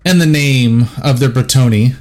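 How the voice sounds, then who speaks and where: A man voicing an indignant male interrogator in a tabletop game, speaking formally and a little higher than his usual voice. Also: moderate pace, a little mellow, close to an everyday voice. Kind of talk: game master voicing a character.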